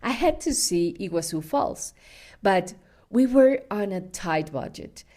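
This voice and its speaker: A woman hosting a food podcast, telling stories in a chatty, unhurried way, sometimes laughing and correcting herself. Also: medium pitch, expressive, mellow. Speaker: podcast host. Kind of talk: casual food podcast with storytelling.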